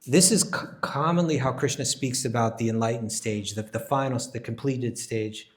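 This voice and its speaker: A man teaches a scripture class with a mid-pitched voice. He explains with animated emphasis and often restarts phrases while thinking aloud. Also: normal speed, hardly any pauses.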